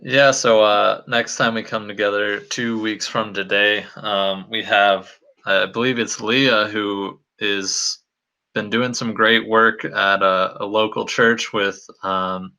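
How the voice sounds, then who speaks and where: A young man hosts an online session, pausing often with ums and uhs. His voice is low but very bright and forward in tone. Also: steady tone, low-quality recording. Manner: hesitant, many fillers. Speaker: co-host. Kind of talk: casual webinar hosting.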